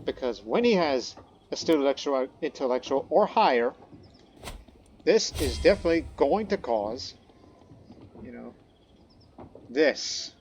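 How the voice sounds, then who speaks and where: A man's voice: mid-range voice, expressive, a little slow, long pauses, darkish tone, a little hiss or hum, low-quality recording. A man giving casual gameplay commentary, thinking aloud, muttering to himself and reading game text aloud. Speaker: let's play commentator.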